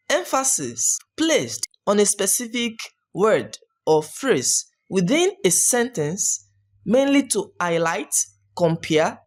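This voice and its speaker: A woman giving a scripted English exam-prep lesson, explaining each point clearly and step by step. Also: fairly high pitch. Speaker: English teacher.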